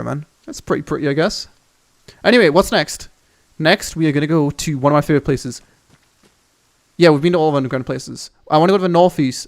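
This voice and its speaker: Young male gaming host, slightly high voice with gravel, rambling and swearing through a casual map tour. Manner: excitable, rambling, swears often. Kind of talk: casual game commentary.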